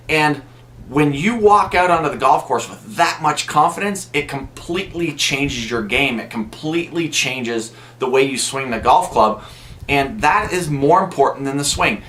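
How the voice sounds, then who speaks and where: A man with a voice of middle pitch works as a golf instructor and talks casually to his viewers. He chats his way through personal stories and often breaks off and restarts his sentences. He sounds like he is talking directly to the camera. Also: animated, moderate pace, sharp tone. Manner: chatty storytelling, frequent restarts.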